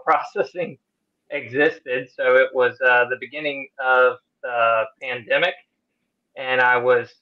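A man who supervises a hospital team, answering interview questions in a friendly, relaxed storytelling way. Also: medium pitch, muffled recording. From Louisville, Kentucky.

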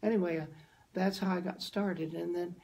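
An older woman from the American Midwest, a guest actress telling animated stories in a conversational interview. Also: fairly low pitch, moderate pace, husky. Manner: storytelling, animated.

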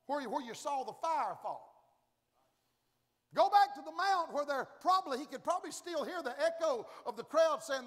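A man preaching a fiery, folksy sermon that swings between shouts and hushed tones. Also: extremely high pitch, big pitch swings, moderate pace, long pauses. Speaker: guest preacher. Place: large church auditorium at a conference. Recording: long reverb of a large hall.

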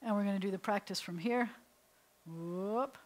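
A middle-aged woman rabbi teaching a beginners' Hebrew class, patient and playful, slowly sounding out syllables for students. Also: mid-range voice, low-quality recording. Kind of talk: classroom language lesson.

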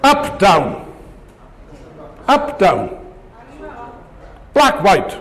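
Addressing a crowd in a big hall, this older political speaker gives a stirring address laced with sarcasm and rhetorical questions. His voice is high and a bit bright, moving through huge pitch swings at a very slow pace.

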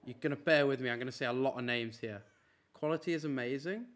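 A man's voice: mid-range voice, a bit bright. A young man streaming from a room, chatting casually and rattling off a long list of names. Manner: rattling off names in a quick run. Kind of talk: casual live-stream chat. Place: apartment room.

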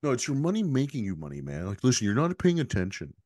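A man playing in a tabletop game, joking and talking in quick, excited bursts. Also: medium pitch. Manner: joking, animated, quick restarts. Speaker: player. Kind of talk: casual tabletop game chat.

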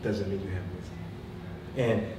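A man in his thirties addresses a live audience as a motivational speaker, laughing often and moving between loud punchlines and hushed asides. He sounds distant from the mic, and the room's echo and steady background noise are clearly heard. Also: sits low, normal speed. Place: meeting room with an audience. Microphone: far from the mic.

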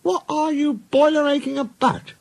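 A feisty little engine, very high. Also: male voice, steady tone, normal speed, gravelly. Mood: indignant. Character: feisty, cheeky small male engine.

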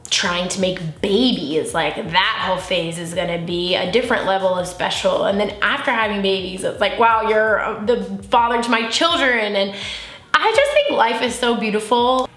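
A woman's voice: medium pitch, animated, normal speed, a bit bright. A woman in her twenties chatting candidly and emotionally while doing her makeup for a vlog. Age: 20s. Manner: candid, giggly, emotional and open. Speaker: beauty vlogger. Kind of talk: casual get-ready-with-me chat. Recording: echoey room with faint music.

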